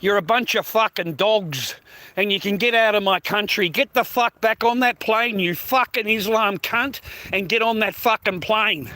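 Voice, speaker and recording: High-voiced, ranting Australian man. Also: moderate pace, sharp tone, no room sound. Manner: profane, aggressive, heavy slang. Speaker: social media poster. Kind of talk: angry ranting monologue.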